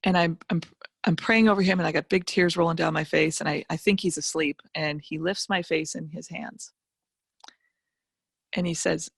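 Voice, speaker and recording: A middle-aged woman, a financial educator appearing as a guest speaker, tells a personal motivational story with emphatic, animated delivery and vivid asides. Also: low-pitched, moderate pace, gravelly, slightly rough, dry recording, clean studio sound.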